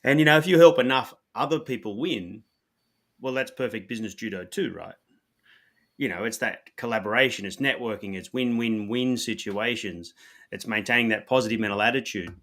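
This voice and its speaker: A man's voice: lowish voice, a little fast, a bit bright. A man, an author, explaining his ideas in a confident, casual way with frequent "you know". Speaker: author guest.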